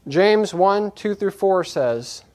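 A man preaching a sermon, moving from quiet reflection to raised, emphatic scripture reading. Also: high voice, lively intonation, slow pace. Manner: earnest, repetitive exhortation.

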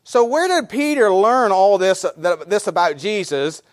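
Pastor, male, high voice, plain sermon delivery with fillers, dry close recording. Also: big pitch swings, unhurried, no room sound. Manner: reads scripture in old English then explains it in plain talk; frequent fillers and repeated words between verse references.

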